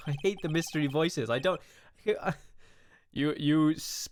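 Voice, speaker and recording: A man's voice: fairly high pitch, unhurried, slight background noise. A man streaming a game with a stuffy, nasal voice, swearing and laughing as he reads and voices the lines. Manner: swearing, laughing, jumps into loud shouted lines. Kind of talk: casual game commentary and voice acting.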